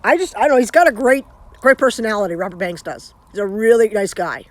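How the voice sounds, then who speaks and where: A woman's voice: mid-range voice, lively intonation, fast, no echo. A Canadian woman chatting casually on a live stream from home, rambling and restarting her sentences as she talks into her phone.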